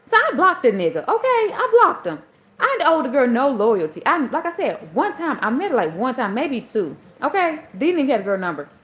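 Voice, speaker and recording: A woman with a Southern Charleston accent telling a personal story to viewers in casual chat, acting out the quoted lines. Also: fairly quick. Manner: animated, acts out quoted dialogue in a high voice. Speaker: live stream host.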